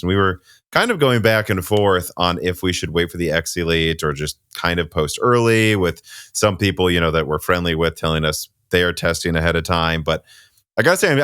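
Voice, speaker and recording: A man's voice: sits low, a bit bright, clear, resonant tone, no echo, studio quality. A man hosting a casual tech podcast, chatty and sarcastic, rambling with restarts. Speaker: podcast host.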